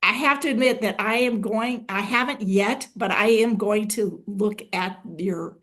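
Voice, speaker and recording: A woman podcast host reads out an author's bio in a measured way, then slips into eager, chatty talk. Her voice is husky and a bit breathy, pitched in the middle. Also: a bit bright. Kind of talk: reading a guest bio, then casual chat.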